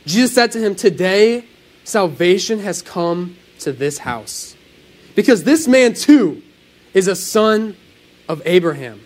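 Animated, high-voiced man preaching. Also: slow, low-quality recording. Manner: animated, earnest preaching with sudden swells and drops. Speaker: pastor. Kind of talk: sermon.

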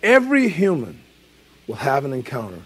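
Husky pastor guy in his 40s preaching, chatty but punchy, repeats himself for emphasis. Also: medium pitch, huge pitch swings, moderate pace, fairly bright tone. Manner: conversational, emphatic, repeating key phrases. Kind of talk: sermon.

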